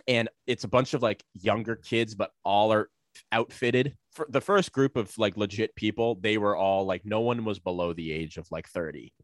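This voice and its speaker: Rambling, low-voiced man telling a story. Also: normal speed, dry recording. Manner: rambling, animated storytelling with many fillers; profane, sarcastic. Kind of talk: casual storytelling chat.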